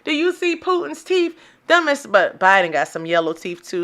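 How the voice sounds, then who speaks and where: Woman podcast host and minister, slightly high, bright voice, lively and preachy. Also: moderate pace. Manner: animated, preachy, joking, with laughs and African American slang. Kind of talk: casual solo podcast commentary.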